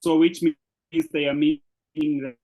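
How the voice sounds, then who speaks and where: A man's voice: on the high side, fairly even intonation, moderate pace, dark tone, rough recording. A man with a Kenyan accent teaching Swahili, explaining words patiently and encouraging his student, with lots of fillers. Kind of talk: patient one-on-one language lesson.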